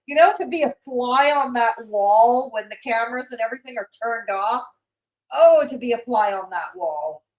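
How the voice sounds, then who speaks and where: Mocking woman streamer, slightly high. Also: expressive, normal speed, poor audio. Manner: mocking, blunt, profane. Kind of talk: livestream reaction commentary.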